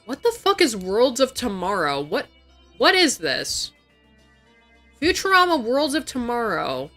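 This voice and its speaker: A woman's voice: a little high, huge pitch swings, unhurried, fairly bright tone, soft background music. A young woman livestreamer chatting casually, swearing freely and reacting in disbelief as she reads things out. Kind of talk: casual chat.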